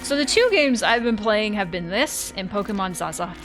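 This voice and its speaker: A woman streamer chatting casually during a horror game, telling rambling, animated stories and yelping at scares. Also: medium pitch, moderate pace, music in the background. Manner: rambling, animated storytelling with sudden yelps. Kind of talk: casual live-stream chat.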